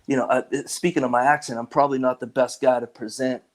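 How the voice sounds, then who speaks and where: A man's voice: medium pitch, quick pace, crowd noise, poor audio. Boston-accented man chatting easily. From Lowell, Massachusetts. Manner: relaxed, rambling, laughs easily. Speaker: guest musician. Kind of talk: casual chat.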